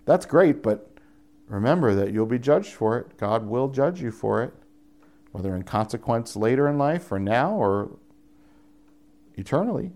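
A man's voice: medium pitch, darkish tone. A young adult man preaching a conversational sermon as pastor, often rising into emphatic appeals.

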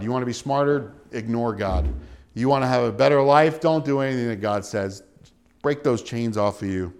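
Animated male preacher, big pitch swings. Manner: chuckles often while preaching. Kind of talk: sermon.

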